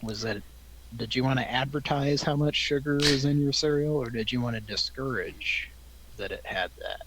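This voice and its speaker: A man's voice: medium pitch, normal speed, noisy background. A man hosting a live comedy show, talking in a wry, amused, rambling way. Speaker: host. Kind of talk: casual banter on a live show.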